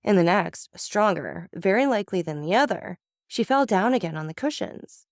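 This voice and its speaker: A woman narrating a classic novel in a measured, dramatic audiobook reading. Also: medium pitch, animated, no echo, studio quality.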